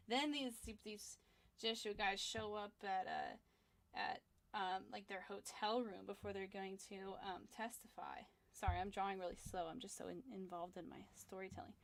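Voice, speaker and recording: A woman's voice: mid-range voice, fairly even intonation, moderate pace, gravelly. Sleepy rambling woman chatting while drawing. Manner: rambling storyteller, many fillers. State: sleepy, tired. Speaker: comic artist livestreaming a drawing session. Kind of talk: casual chat while drawing.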